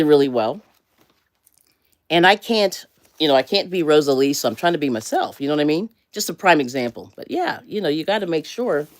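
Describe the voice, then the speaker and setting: A woman's voice: sits low, no echo. An American woman hosting a casual motivational livestream, rambling and self-correcting and laughing often. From USA. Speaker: livestream host.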